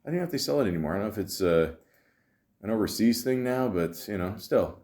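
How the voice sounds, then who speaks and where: A podcast host with a low voice, talking casually and loosely about films. He rambles, restarts his sentences and fills the gaps with "uh" and "you know." His tone is relaxed and sprinkled with swearing. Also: fast talker. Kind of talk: casual film-talk podcast chat.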